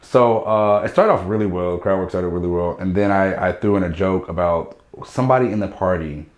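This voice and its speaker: A low-pitched man tells a story at a rapid clip, animated and slipping into other people's voices as he quotes them. The sound carries an echoey room around it. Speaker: stand-up comedian, guest. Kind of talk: casual storytelling chat.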